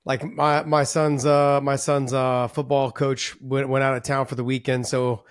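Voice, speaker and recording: A man's voice: mid-range voice, little pitch movement, a little slow, dry recording, clean studio sound. A man hosting a podcast in casual chat, friendly and calling his guest brother. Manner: friendly, calls guest brother, hypes up the sign-off. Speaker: podcast host.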